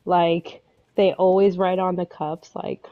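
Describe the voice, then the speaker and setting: A woman's voice: fairly low pitch, steady tone, takes it slowly. A woman, tired and teary, chatting as a guest and rambling through stories with lots of fillers. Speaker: guest on a stream. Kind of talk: casual chat. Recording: dull lo-fi audio.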